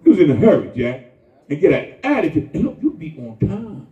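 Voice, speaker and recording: A man preaching a lively, folksy sermon with call-and-response and shouts to the congregation. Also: a little high, fairly quick. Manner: folksy, conversational, acts out quoted voices. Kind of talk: lively Palm Sunday sermon. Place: church sanctuary. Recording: echoey church heard from far off over a tinny line.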